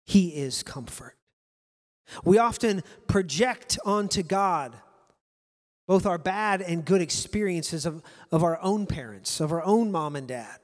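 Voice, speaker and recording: A man's voice: high voice, expressive, unhurried, in a large hall. A male pastor preaching a sermon to his congregation, earnest and repeating key phrases for emphasis.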